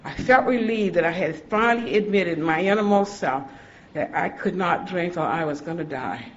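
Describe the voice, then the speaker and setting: Woman, personal testimony, halting heartfelt delivery, dull lo-fi recording, faint hiss. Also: on the low side. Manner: halting, heartfelt storytelling with restarts and soft laughs. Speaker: speaker sharing her recovery story.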